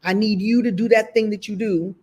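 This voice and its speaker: A woman hosting a live motivational recap, talking to an online audience in an animated, playful way, with laughs and acted-out little scenes. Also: medium pitch, a little fast.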